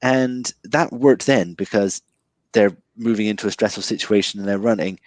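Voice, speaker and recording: A man's voice: lowish voice, moderate pace, a little mellow, no echo. A man talking about a film as a guest in a casual chat, hesitant and full of restarts. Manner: hesitant, restarts with many ums.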